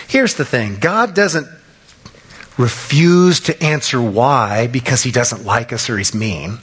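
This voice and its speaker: A man in his fifties preaching a sermon, telling stories in an animated way and acting out the people he quotes. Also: on the high side, slightly rough. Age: 50s.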